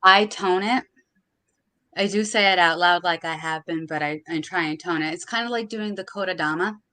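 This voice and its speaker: A woman in a casual chat, explaining things slowly and carefully and laughing often. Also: fairly low pitch, bright, forceful tone. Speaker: podcast participant.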